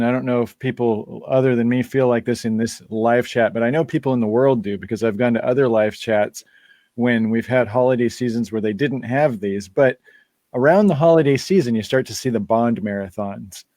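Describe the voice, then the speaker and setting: A band member hosts a live-stream Q&A in casual chat, his medium-pitched voice a little mellow and free of room sound. He rambles through asides and laughs often.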